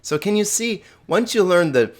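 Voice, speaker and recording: With a cat in his arms, a male Greek teacher explains grammar patiently in a high-sitting voice with lively intonation and normal speed. He frequently repeats words when restarting his sentences.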